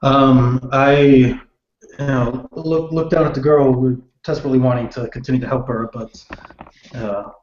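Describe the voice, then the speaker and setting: A man's voice: mid-range voice, fairly even intonation, normal speed, darkish tone. A man playing a tabletop game, describing his character's actions hesitantly, often restarting. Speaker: player. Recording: echoey, muffled lo-fi room.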